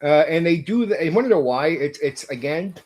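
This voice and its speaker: A man's voice: on the high side, animated, a little fast, a little mellow. A middle-aged man, host of a tabletop game channel, ranting in blunt, profane casual talk and repeating himself. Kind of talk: casual opinion rant to a viewer.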